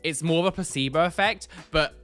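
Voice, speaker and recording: A man hosting a casual reaction video, talking in an animated, exclamatory way that jumps into squealing highs. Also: a little fast, faint music behind.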